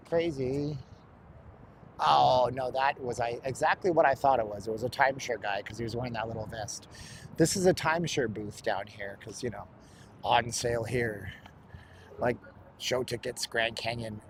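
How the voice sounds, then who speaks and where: A man's voice: mid-range voice, moderate pace, a little hiss or hum. A man hosting a casual walking-tour livestream outdoors, chatting and joking with viewers as he walks. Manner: chatty, joking, laughs often. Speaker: livestream host. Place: outdoors at an outlet mall.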